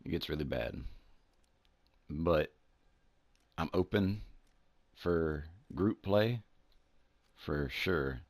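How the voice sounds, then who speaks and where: Deep-voiced southern man rambling over gameplay. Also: animated, dry recording. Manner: rambling, restarts, drawn-out words. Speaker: gaming channel host. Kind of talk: casual gameplay commentary.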